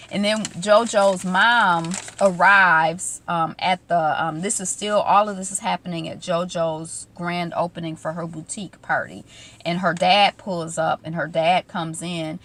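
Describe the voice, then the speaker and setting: A woman's voice: on the low side, fairly even intonation, moderate pace, fairly bright tone. A young adult woman casually retelling a reality show episode, acting out quotes with lots of ums and asides. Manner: chatty, acts out quotes, many ums. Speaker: recap vlogger. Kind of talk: casual TV recap chat.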